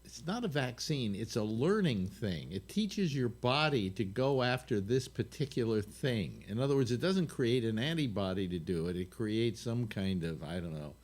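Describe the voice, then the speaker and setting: A man's voice: fairly low pitch, moderate pace, few pauses. Old guy in his 80s hosting a video chat, voice jumps all over, rambles and restarts a lot. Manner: rambling, lively, explains at length with many restarts. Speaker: host. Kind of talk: casual video call chat. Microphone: video call.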